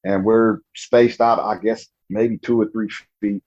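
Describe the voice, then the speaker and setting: A man's voice: on the low side, level tone, darkish tone. Man telling a story, lo-fi sound. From Louisiana. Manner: slow, halting storytelling with restarts and acted-out dialogue. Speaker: guest telling an encounter story. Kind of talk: storytelling interview.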